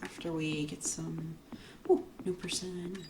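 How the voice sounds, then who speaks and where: A woman's voice: sits low, flat delivery, unhurried, background noise. A woman hosting a let's play, chatting casually and explaining as she plays. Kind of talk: casual gameplay commentary. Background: game music.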